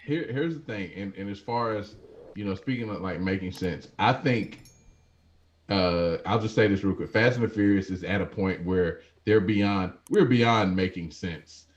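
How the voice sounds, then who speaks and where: A man's voice: fairly low pitch, normal speed, highs cut off, a little hiss or hum. A man co-hosting a casual sports podcast, riffing playfully on jokes. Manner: animated, riffs playfully with bits. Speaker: podcast co-host.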